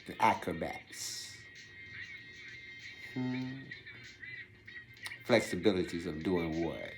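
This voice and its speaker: Deep, slow man firing rhetorical questions. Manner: fires off rhetorical questions, swinging between loud bursts and hushed whispers. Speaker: speaker delivering a monologue. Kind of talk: preachy rhetorical monologue.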